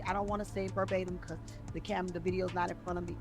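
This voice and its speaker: A woman's voice: on the low side, little pitch movement, fast, music in the background. A woman in an interview, earnestly retelling events in plain, everyday speech. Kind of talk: interview recollection.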